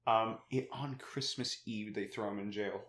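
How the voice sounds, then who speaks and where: A man's voice: lowish voice, fairly even intonation, normal speed, a bit bright, echoey room. A young man hosting a casual film podcast, laughing often and briefly mimicking characters in silly voices. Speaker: podcast host.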